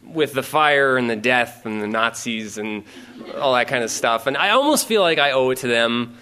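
A man telling a rambling, profane comic story in a casual, animated way. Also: mid-range voice, moderate pace.

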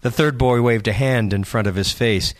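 Guy narrating a creepy audiobook, slow suspense, dry close sound. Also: mid-range voice, no room sound. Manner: measured, suspenseful reading.

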